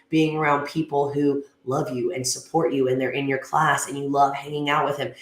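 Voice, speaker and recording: A woman giving an earnest, conversational motivational talk at a gym, with frequent fillers like "you know" and "um.". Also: low-pitched. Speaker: gym speaker. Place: gym class space. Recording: echoey room.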